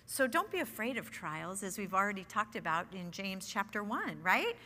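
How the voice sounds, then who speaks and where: A woman's voice: mid-range voice, big pitch swings, normal speed, pushed and bright. A middle-aged woman teaching a women's Bible study in an earnest, conversational way. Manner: earnest, conversational, with nervous laughs. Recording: long hall reverb.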